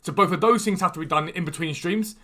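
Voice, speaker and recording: A man hosting a gaming livestream, chatting quickly and enthusiastically as he trades and answers questions from chat. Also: sits high, bright, forceful tone. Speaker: gaming streamer and video host. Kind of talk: casual livestream chat while trading in a football game. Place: room at home with a door.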